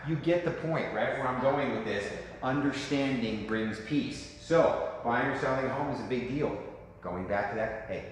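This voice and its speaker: A man in his fifties coaching a room of real estate agents in a lively, joking way, asking "right?" often. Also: medium pitch, moderate pace. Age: 50s. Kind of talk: talk to a room. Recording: echoey hall with faint noise.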